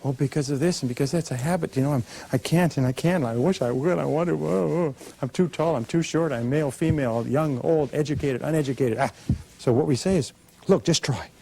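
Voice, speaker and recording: A man's voice: a little high, fairly quick, vocal fry, dark tone, a little hiss or hum. A man giving a motivational speech to a live audience, emphatic and acting out little dialogues. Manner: emphatic, acts out dialogue, leads audience call-and-response. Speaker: motivational speaker.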